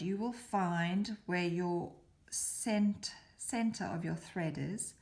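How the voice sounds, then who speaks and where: Her voice is fairly low and darkish, and she speaks a little slowly as she guides viewers through a beading project. This patient, methodical tutor occasionally lowers to a whisper when concentrating.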